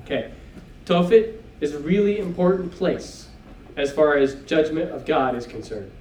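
Guy teaching bible class in a church hall, kinda high voice, echoey and a bit far from the mic. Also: moderate pace, hardly any pauses, a little mellow, a little hiss or hum. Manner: conversational, with frequent "okay?" asides. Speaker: preacher. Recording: echoey room, mic at a distance.

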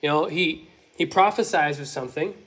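A man's voice: on the high side, brisk, a bit bright. A man preaching verse by verse, reading scripture aloud and then explaining it unhurriedly. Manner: self-correcting slips while reading. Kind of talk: verse-by-verse Bible teaching.

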